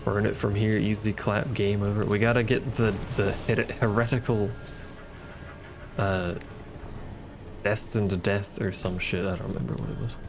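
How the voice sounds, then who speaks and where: A man's voice: on the low side, fairly even intonation, normal speed, noisy background. A man giving casual, sarcastic gameplay commentary, muttering and swearing at the game as he plays. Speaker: gaming streamer. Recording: game music behind voice. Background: game music.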